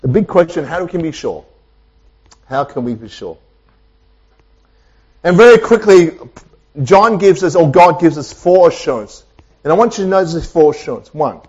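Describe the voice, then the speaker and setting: A male pastor delivering a sermon in a church, preaching emphatically with repetition and dramatic pauses. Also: sits high, animated, a little mellow, husky, highs cut off. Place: church with online Zoom audience.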